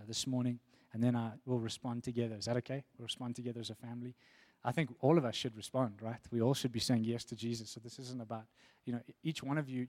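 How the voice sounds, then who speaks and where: A man's voice: medium pitch, darkish tone. A man preaching a sermon in an earnest way, often repeating words as he builds emphasis.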